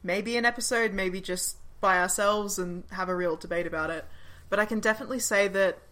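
Bright-voiced chatty woman podcaster. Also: mid-range voice. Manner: chatty, rapid bursts, laughs and swears freely. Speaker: podcast co-host. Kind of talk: casual podcast chat.

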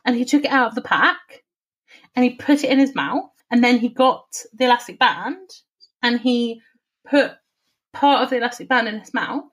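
A woman telling an animated story in casual chat, swearing and laughing as she goes. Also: a little high, moderate pace, husky.

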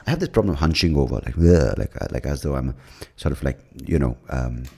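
Deep-voiced male podcast host; loose, meandering solo talk full of fillers and casual swearing, recorded close to the mic. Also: animated, a little fast, gravelly, dark tone, breathy edge. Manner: rambling, with many fillers and restarts; swears freely. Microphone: leaning in close to the mic.

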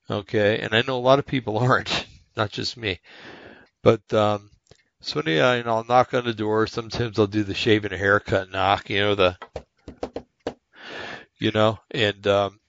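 A man's voice: fairly low pitch, creaky, fairly bright tone, dry recording. A man in his sixties talking casually in a rambling monologue, full of fillers and restarts. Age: 60s. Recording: dull lo-fi dry sound.

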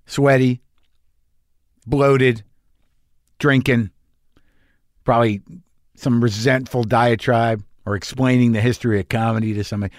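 A man's voice: mid-range voice, lively intonation, moderate pace, long pauses, dry recording, studio quality. A middle-aged man hosting a podcast, telling a candid personal story in a blunt, profane and wry way. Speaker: podcast host.

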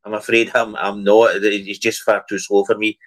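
A man with a lowish voice chats about football as a podcast co-host. He talks in a conversational way, often stammering and restarting his sentences. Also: flat delivery, moderate pace, a bit bright, low-quality recording. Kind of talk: casual football chat.

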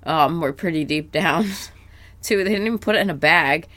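A woman co-hosts a loose, casual podcast chat, rambling through her points and peppering them with "like" and quick laughs. Her voice sits a little lower than most women's. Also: fairly bright tone. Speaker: podcast co-host.

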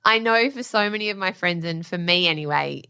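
A woman speaking earnestly in casual chat, colloquial and quick to laugh. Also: fairly low pitch, bright, forceful tone, smooth. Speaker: podcast co-host.

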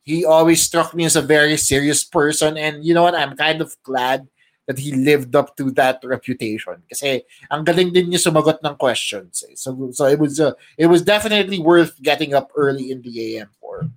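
A man's voice: a little high, a little fast. A man co-hosting a wrestling podcast, joking and teasing his co-host with frequent laughs. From Philippines. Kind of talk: casual chat.

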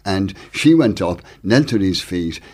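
Deep-voiced man telling an anecdote. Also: measured pace. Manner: lively anecdotal storyteller, acts out dialogue. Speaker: guest. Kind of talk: conversational interview.

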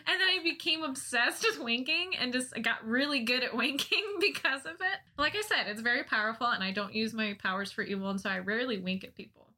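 A young woman casually telling a funny personal story, often laughing at herself in a self-mocking, animated way. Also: fairly high pitch, fairly quick, hardly any pauses.

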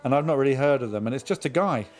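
A man hosting a relaxed remote chat from home, his voice in a middle range. He asks questions drily and slips in teasing jabs at his guest. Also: medium pitch, very fast, soft background music. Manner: dry, teasing interviewer. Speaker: host. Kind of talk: casual chat.

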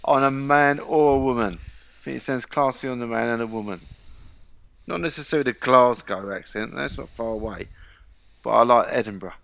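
A man's voice: mid-range voice, brisk, gravelly, a bit bright. A man in a casual podcast chat making dry, opinionated remarks.

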